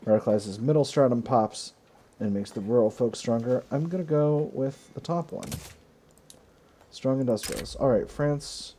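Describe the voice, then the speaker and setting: A man's voice: mid-range voice, moderate pace, dark tone, slightly rough. A man hosting a strategy game let's play, talking casually and thinking aloud with asides and self-corrections. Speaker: gaming video host.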